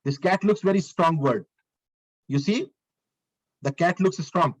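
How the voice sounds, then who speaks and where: A male lecturer runs a live online coding lesson, walking through markup step by step as he works. His slightly high voice is unhurried; he often restarts and repeats phrases and asks the class questions to check in. The recording quality is low.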